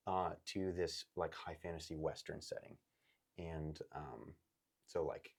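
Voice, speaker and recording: A man running a tabletop game as game master, explaining in a halting way full of ums and likes. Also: very deep voice, fairly even intonation, creaky, husky.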